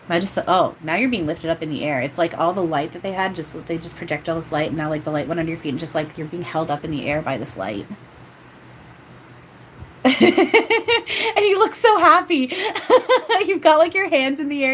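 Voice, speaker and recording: A woman's voice: on the low side, slight background noise, poor audio. A woman doing a live-streamed spirit reading as a medium, rambling and hesitant with many fillers. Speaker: psychic medium.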